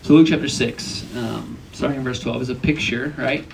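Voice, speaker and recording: A man's voice: medium pitch, steady tone, normal speed, creaky, a little hiss or hum, rough recording. A young man giving a casual, conversational sermon at a college retreat, often asking the listeners questions. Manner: chatty, asks the audience questions.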